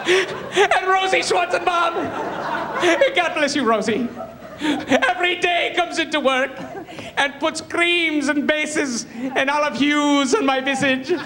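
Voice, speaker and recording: Guy putting on a grandiose old tv interviewer, high-pitched and theatrical, noisy room. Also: slow pace, crowd noise, exaggerated voice. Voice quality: grandiose, theatrical, overly emotional. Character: pompous weepy older male TV interviewer.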